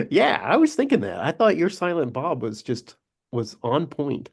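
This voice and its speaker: A man co-hosting a casual sports podcast, chatty and quick to laugh, often restarting his sentences. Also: a little high, gravelly, breathy edge. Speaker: podcast co-host.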